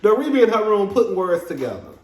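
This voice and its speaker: Brief: male reviewer, sassy and salty, fairly high voice, roomy echo. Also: very animated, fast, a little mellow. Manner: sassy, profane and laughing. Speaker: reality TV reviewer. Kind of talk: casual commentary. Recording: echoey room.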